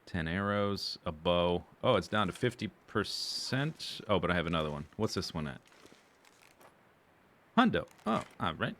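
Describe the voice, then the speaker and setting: Low-ish dude rambling thru his game stream, chatty, restarts a lot. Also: sing-song, moderate pace, fairly bright tone. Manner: chatty, rambling, self-correcting. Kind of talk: casual gameplay commentary.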